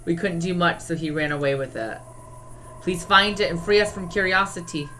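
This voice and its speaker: A drag queen streamer voicing a flock of gloomy birds in a video game, speaking low and hushed in an aloof drone. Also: steady tone, moderate pace, slight background noise, rough recording. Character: flock of gloomy birds stuck by their hair.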